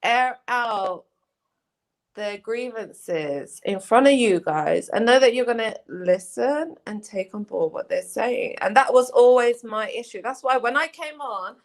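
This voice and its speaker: A woman's voice: a little high, measured pace. A woman with an English accent talking on a panel, passionate and emphatic, slipping into quoted voices as she argues. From England. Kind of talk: heated casual discussion.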